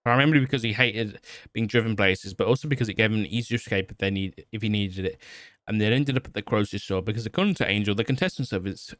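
Man reading fiction aloud on stream; steady, a few stumbles, close dry mic. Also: lowish voice, no echo. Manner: steady reading with small slips and restarts.

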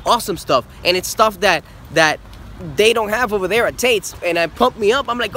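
A man chatting in a casual vlog, rambling and excitable, with lots of fillers. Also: sits high, moderate pace, a little hiss or hum. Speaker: vlogger. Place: outdoors and in a car around shops.

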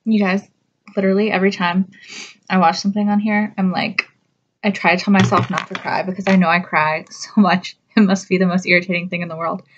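A woman vlogger chatting casually while reacting to a movie trailer, gushing and excitable. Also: lowish voice, a little fast, dull audio, a little hiss or hum.

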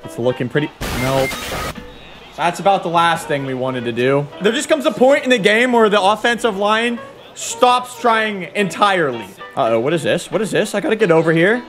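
An excitable young man calls his football game like a hyped fan, his voice cracking as he yells at the big plays. His voice sits high and swings all over the place. Faint game music plays underneath. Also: normal speed. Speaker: gaming YouTuber. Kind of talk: excited let's-play commentary.

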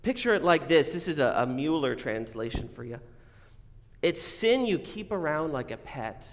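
A man preaching a sermon as pastor, earnest, swinging between emphatic declarations and quiet reflective asides. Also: a little high, very animated, normal speed. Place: church sanctuary. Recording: long reverb of a church hall.

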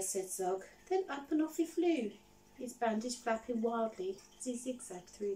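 Animated woman reading a storybook to children. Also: a little high, unhurried, recorded from a distance, a little hiss or hum, rough recording. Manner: animated, asks the listeners questions. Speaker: teacher reading a picture book.

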